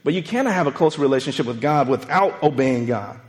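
A man's voice: mid-range voice, expressive, fairly quick, in a large hall. A man in his forties preaching a casual, conversational sermon, telling stories and checking in with frequent asides. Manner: chatty, storytelling, frequent "right?" asides. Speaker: pastor.

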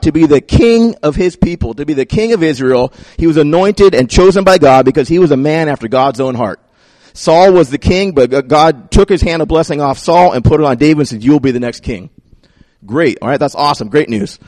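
A man's voice: on the high side, no echo, clean studio sound. A male pastor preaching a sermon in a conversational storytelling way with playful asides.

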